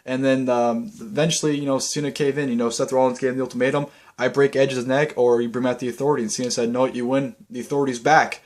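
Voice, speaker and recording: A young man talks fast in a casual video recap and piles up "you know" and "like" as he goes. His pitch sits right in the middle of the range for a man. He gets excited and rambles from one point to the next. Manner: rambling, filler-heavy, excitable. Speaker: vlogger.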